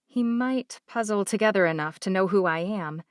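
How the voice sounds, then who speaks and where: A woman narrating a first-person audiobook with a measured, even delivery. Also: medium pitch, no room sound, clean studio sound.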